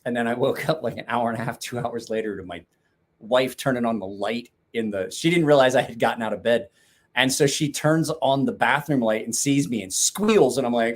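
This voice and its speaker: A forty-something man runs a casual knife-sharpening podcast out of his home garage. He talks at a normal speed with medium pitch, wandering off topic, cursing and laughing often.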